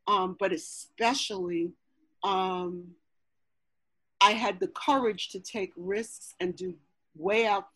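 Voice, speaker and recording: Husky-voiced woman sharing a personal story. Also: medium pitch, no echo, poor audio. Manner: earnest, many fillers and restarts.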